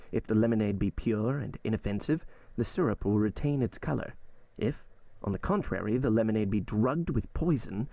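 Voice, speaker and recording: A man's voice: lowish voice, vocal fry, mellow, no room sound. A man doing a grave, solemn old-world doctor. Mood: deliberate. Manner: solemn and deliberate. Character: grave, stern middle-aged male doctor.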